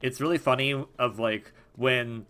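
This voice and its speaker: A man's voice: medium pitch, fairly even intonation, unhurried, bright, forceful tone. A young man giving casual let's-play commentary, rambling and self-deprecating, with frequent restarts and laughs. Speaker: gaming video host.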